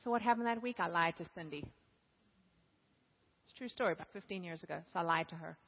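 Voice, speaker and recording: A woman preacher telling stories with animated, laughing delivery during a sermon. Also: on the low side, fast talker. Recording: dull, echoey hall.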